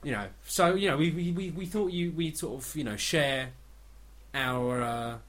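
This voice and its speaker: A man's voice: fairly high pitch, measured pace, a bit bright. A man co-hosting a podcast in casual comic chat, joking and talking in a hesitant, stop-start way. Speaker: podcast co-host.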